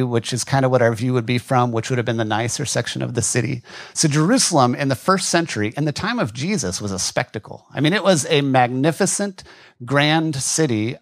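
Pastor, male, mid pitch, conversational sermon, voice going, dry close sound. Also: no echo. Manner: conversational, asides and jokes to the congregation. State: losing his voice. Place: church hall.

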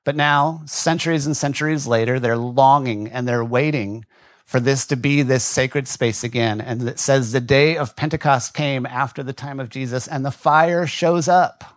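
With a mid-range voice, fairly even intonation and a moderate pace, a male pastor preaches conversationally to his congregation, joking with them now and then. He is losing his voice, and though he is in a church hall, the recording has no room sound.

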